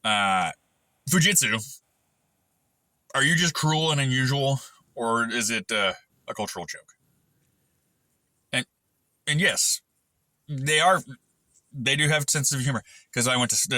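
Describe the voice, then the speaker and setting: Crude ranting man, bright dry voice. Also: medium pitch, animated, a little slow, pauses often, dry recording. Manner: crude, ranting, swears constantly, jumps between tangents. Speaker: machinist vlogger. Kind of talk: profane rambling monologue.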